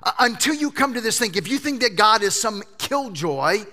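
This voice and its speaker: Bright, lively-voiced male pastor. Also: high voice, moderate pace. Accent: Southern US. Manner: animated storytelling with jokes. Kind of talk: sermon.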